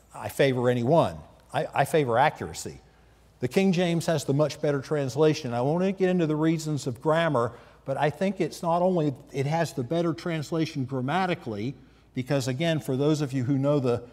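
A man's voice: on the high side, darkish tone. Man teaching scripture in a reverberant hall. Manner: conversational, asks the listeners questions. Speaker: preacher. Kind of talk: Bible teaching sermon.

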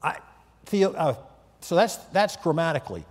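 A man gives a Bible teaching sermon, talking with his listeners rather than at them and checking in with quick questions. His voice sits a little high for a man. The sound rings on in a large reverberant hall. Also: very animated. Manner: conversational, asks the listeners questions. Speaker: preacher.

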